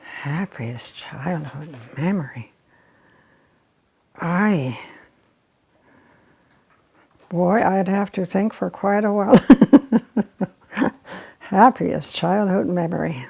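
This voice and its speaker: Gravelly-voiced older woman reminiscing. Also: mid-range voice, takes it slowly, pauses often, darkish tone. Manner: chatty and reminiscing, with frequent laughs. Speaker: interviewee. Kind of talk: oral history interview.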